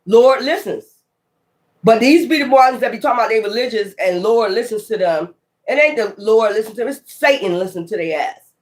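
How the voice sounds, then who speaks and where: A tarot reader talking casually while pulling cards, animated and profane, often calling the listener child. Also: mid-range voice, a little fast.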